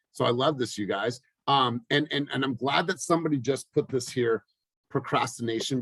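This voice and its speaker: A man coaching his team in a motivational talk, energetic and emphatic, repeating phrases for effect. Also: medium pitch, husky, no room sound, poor audio. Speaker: real estate team coach.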